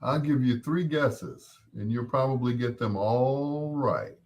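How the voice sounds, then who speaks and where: A male radio host chatting on air in a studio, rambling between songs. His talk is slow and unhurried, at a middling pitch. He jokes around and keeps laughing at his own stories. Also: darkish tone, lo-fi sound. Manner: jokey, rambling, laughs often. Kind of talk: casual on-air chat.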